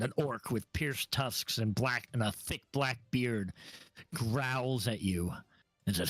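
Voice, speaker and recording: A man narrating a tabletop fantasy game as game master, in a relaxed, descriptive manner. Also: medium pitch, slow, dry recording, poor audio.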